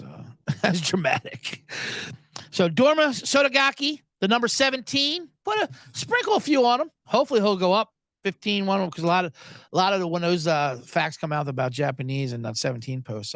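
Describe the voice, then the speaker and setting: A man's voice: fairly high pitch, a bit bright, no echo. A man hosting a sports gambling show, rambling through a profane, self-interrupting comedic monologue. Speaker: sports betting podcast host.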